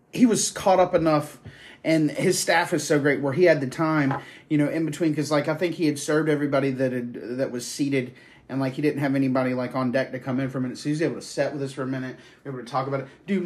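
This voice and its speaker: Guy rambling and swearing on a podcast, kinda high voice. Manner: profane, rambling storyteller. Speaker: podcast host. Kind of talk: casual chat.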